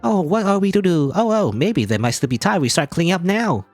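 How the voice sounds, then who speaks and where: A man putting on a high, squeaky little fairy girl who frets and wails at every bit of bad news. The voice is pushed well above his own and swings up and down with great drama. She sounds like a game companion reading her lines out loud. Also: animated, brisk, no echo, faint music behind. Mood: fretful. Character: small chirpy female fairy companion.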